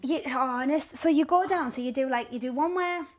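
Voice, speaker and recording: A woman telling a story in casual chat as a guest, animated, swearing freely and acting out the people she quotes. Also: high-pitched, normal speed. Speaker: guest, business founder.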